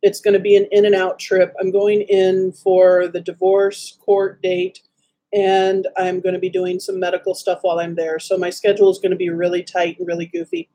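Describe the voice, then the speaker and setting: Woman from Wisconsin, chatty livestream host, breathy husky tone, snarky asides. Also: on the low side, level tone, normal speed, warm tone. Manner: chatty, greets viewers by name, snarky asides. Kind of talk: casual livestream chat.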